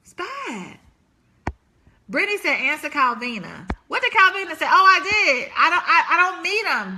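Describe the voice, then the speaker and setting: A woman's voice: sits high, big pitch swings, normal speed, pushed and bright, a little hiss or hum. A woman hosting a live relationship stream, chatting casually and laughing as she reads viewer comments aloud.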